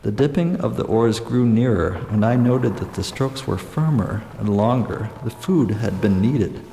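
A man narrating a story aloud in a measured, even storytelling manner. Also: lowish voice, vocal fry. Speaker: audiobook narrator. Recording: echoey room with long reverb and faint noise.

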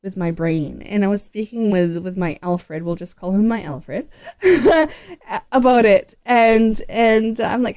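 Sex: woman. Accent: Canadian. Style: casual podcast conversation over Skype. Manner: animated storyteller with frequent restarts and laughter. Sound: dry, close. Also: mid-range voice, measured pace, no room sound. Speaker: podcast guest. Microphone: Skype call.

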